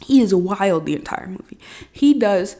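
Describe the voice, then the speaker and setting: A woman hosting her own podcast, talking casually and animatedly, full of slang with big jumps in pitch and loudness. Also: lively intonation, moderate pace. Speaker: podcast host. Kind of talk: casual solo podcast talk.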